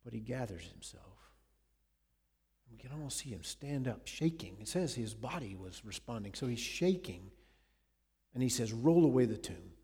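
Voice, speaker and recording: Male preacher, sermon, mellow tone, long hall reverb, dramatic loud-soft swings. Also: mid-range voice, lively intonation, moderate pace, long pauses, slightly rough. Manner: dramatic retelling with sudden loud and hushed swings. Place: church.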